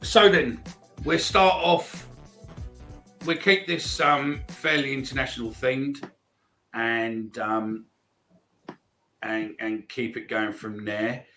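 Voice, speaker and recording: A man's voice: mid-range voice, fairly even intonation, takes it slowly, long pauses, pushed and bright, soft background music. A man hosting a football fan podcast, talking in a loose rambling way. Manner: rambling, lots of ums and restarts. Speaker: podcast host. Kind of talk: casual chat.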